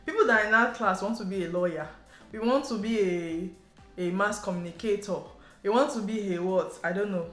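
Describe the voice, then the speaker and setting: A woman from Nigeria with a Nigerian English accent, telling a story to camera in a chatty, animated way and sprinkling in local slang. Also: medium pitch, brisk. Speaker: vlogger. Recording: roomy echo, faint background music.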